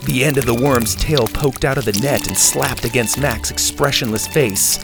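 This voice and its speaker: Gravelly male storybook narrator. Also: mid-range voice, moderate pace, over music. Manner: even expressive read-aloud.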